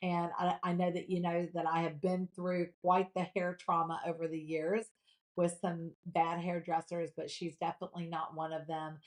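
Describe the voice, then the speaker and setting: A woman's voice: lowish voice, little pitch movement, normal speed. A woman, hosting a live shopping show, chatty and gushing as she reads viewer comments aloud. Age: 50s.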